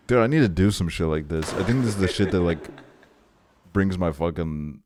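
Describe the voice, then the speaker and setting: A man's voice: deep voice, noisy background. A man streaming live and reacting to clips, swearing freely and laughing in disbelief. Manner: profane, laughing, incredulous reactions. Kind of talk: livestream reaction commentary.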